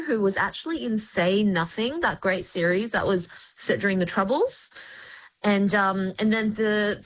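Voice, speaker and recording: A woman screen critic on a radio chat, explaining a series in an articulate, lively way. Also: medium pitch, poor audio. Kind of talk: casual review chat.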